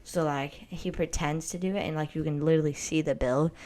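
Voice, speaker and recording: A teenage girl spins a story-time tale in a low voice, rambling and stuffed with "like". She talks in a blunt, boastful way, with casual asides. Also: steady tone, a little fast, a little mellow. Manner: rambling, filler-heavy with constant "like".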